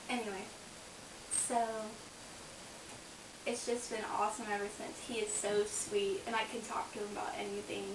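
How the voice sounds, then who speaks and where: Young woman, bubbly casual storytelling, higher voice, faint hiss. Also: fairly bright tone, far from the mic. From Kansas. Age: young adult. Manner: bubbly, chatty, lots of "like" fillers. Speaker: college student. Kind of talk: casual personal storytelling vlog. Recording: roomy, off-mic, faint hiss.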